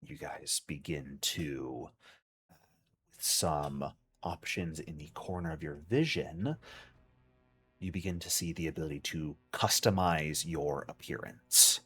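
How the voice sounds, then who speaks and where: A man narrating a tabletop role-playing game as game master in a relaxed, halting way, with many fillers. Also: a bass voice.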